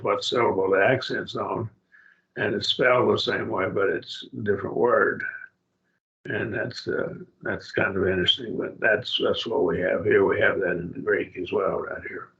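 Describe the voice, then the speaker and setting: A man teaching a Greek grammar lesson in a church class, halting and restarting often as he explains. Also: fairly low pitch, vocal fry, fairly bright tone, highs cut off. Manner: halting, with many fillers and restarts.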